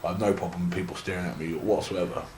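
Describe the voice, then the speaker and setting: Deep-voiced English man telling rambling stories. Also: fairly even intonation, fast talker, darkish tone, a little hiss or hum. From England. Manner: rambling anecdotes full of restarts and laughter. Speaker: interview guest, wrestler. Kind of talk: casual storytelling. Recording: echoey room.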